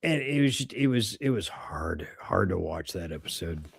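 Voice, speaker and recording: Casting: middle-aged male podcast co-host, lively swings in pitch, dry close sound. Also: moderate pace, gravelly, slightly rough, no room sound. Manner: animated, swearing, laughs often. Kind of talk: casual chat.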